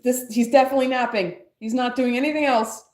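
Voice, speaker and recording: A woman's voice: on the high side, fairly even intonation, quick pace, darkish tone. A young woman streaming while she crafts, rambling and joking with her chat and laughing often, at home. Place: at home, moving furniture.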